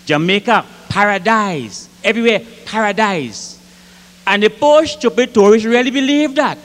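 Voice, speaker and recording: A Grenadian man doing comic storytelling onstage at a live concert, lively and rich in dialect, acting out the voices in his tales. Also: sits high, normal speed. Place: concert hall with audience. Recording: live concert hall reverb, faint ambience.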